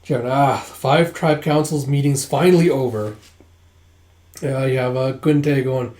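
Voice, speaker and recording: A man's voice: medium pitch, fairly even intonation, unhurried, darkish tone. A man casually reading a comic aloud, narrating scenes and dialogue in a loose, rambling way with "it's like" asides. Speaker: comic read-through host. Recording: echoey room.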